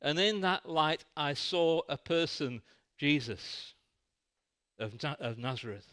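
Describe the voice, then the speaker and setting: An earnest, zealous devout man speaks with emphatic conviction, played by a preacher. His pitch rises and falls in a lively way. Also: takes it slowly, exaggerated voice.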